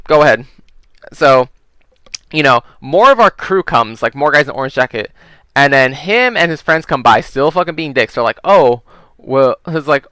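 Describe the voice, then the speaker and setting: Here the young man's medium-pitched voice rings bright, forceful, clear and resonant, with no echo, as he casually spins a long story over gameplay. He is a gaming video creator who rambles, leans on "you know," and swears frequently.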